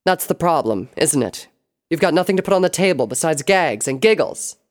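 A reader voicing a cold, disciplined armored female soldier creature who taunts in curt, measured words. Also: mid-range voice, lightly acted. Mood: cold taunting.

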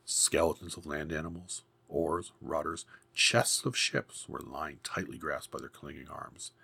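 Deep, gravelly male storyteller. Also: fairly even intonation, unhurried, sharp tone. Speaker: narrator. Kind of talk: storybook narration.

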